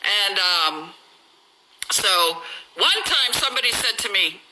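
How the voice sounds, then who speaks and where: A middle-aged woman hosting a live stream on her phone, telling stories in a chatty, animated way and laughing often. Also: mid-range voice, slow pace, background noise. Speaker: livestream host. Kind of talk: casual storytelling on a live stream.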